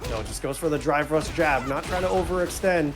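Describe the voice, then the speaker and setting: A man doing excitable, jokey live commentary on a fighting-game tournament. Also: on the high side, a little fast. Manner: excitable, hype, jokey banter. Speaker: esports commentator. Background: music.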